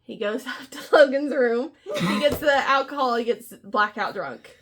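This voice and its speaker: A woman's voice: a little high, lively intonation, moderate pace, slight background noise. A woman co-hosting a casual book podcast, retelling scenes with quoted lines and frequent laughter.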